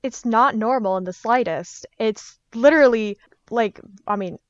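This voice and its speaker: A woman's voice: on the high side, moderate pace, clear, resonant tone, dry recording, highs cut off. A young woman, a guest on a podcast, chatting casually and acting out voices as she tells her stories. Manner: lively storyteller, acts out her parents' voices. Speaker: guest, artist and fursuit maker.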